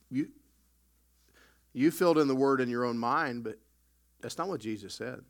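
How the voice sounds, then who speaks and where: A man pastor preaching a sermon, emphatic with sudden loud bursts and folksy storytelling asides. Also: mid-range voice, moderate pace, long pauses.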